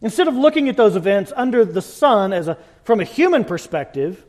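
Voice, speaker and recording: A man preaching a sermon, impassioned and emphatic, with sudden loud bursts. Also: high voice, sing-song, fairly quick. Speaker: pastor.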